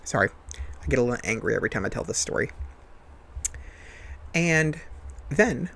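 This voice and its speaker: A man's voice: medium pitch, animated, moderate pace, vocal fry, a bit bright, slight background noise. A young man hosting a podcast, retelling a personal story in an emphatic, at times heated way. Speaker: podcast host.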